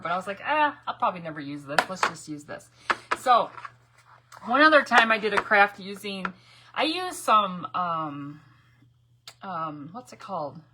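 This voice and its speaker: A woman's voice: lowish voice, background noise. A woman hosting a casual live crafting stream, chatty and laughing often as she greets viewers by name. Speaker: craft livestream host.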